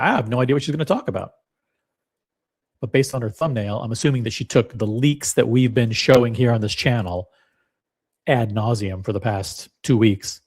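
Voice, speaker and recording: A man's voice: medium pitch, creaky. A man hosting a live reaction stream, chatting in a rambling, self-deprecating way. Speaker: livestream host.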